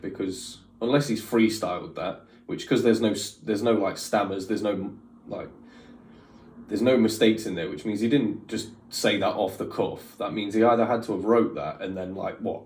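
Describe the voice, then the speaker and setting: A man hosting a reaction video speaks at normal speed in a fairly low, slightly mellow voice. He gives his opinions casually and ramblingly, with lots of fillers, captured on a distant mic with roomy echo and faint music.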